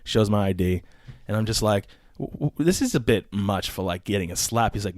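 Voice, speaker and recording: A man co-hosting a casual podcast, telling a story full of swearing and animated retelling. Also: fairly low pitch, a little fast, no room sound, clean studio sound. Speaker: podcast co-host.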